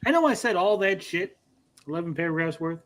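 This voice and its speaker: A man's voice: high-pitched, animated, fairly quick, fairly bright tone. A man co-hosting a livestream podcast, talking bluntly and profanely and mocking people with put-on quotes. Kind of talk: profane, blunt casual chat.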